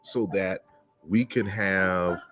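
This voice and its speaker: A man with a very low voice hosts an open discussion. He speaks bluntly and with emphasis, often doubling up words as he starts a thought. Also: fairly even intonation, takes it slowly, fairly bright tone, soft background music. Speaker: host.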